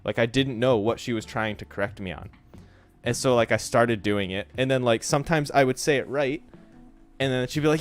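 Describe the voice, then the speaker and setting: A man streaming a casual Japanese study session, talking in a relaxed, chatty way and sounding out pronunciation examples aloud. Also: mid-range voice, fairly quick, faint music behind. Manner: frequent fillers like "like" and "so". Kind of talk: casual instructional livestream.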